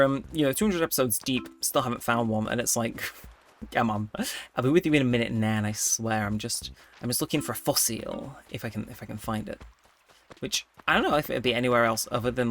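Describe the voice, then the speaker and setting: A man giving chatty, rambling commentary while playing a cozy life-sim game, thinking out loud. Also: mid-range voice, a little hiss or hum. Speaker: let's play host.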